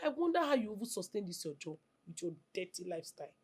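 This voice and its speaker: A woman's voice: medium pitch, sing-song, fast, a little mellow, slightly rough. An actress playing an angry wife with a Nigerian accent, sarcastic and scolding her husband.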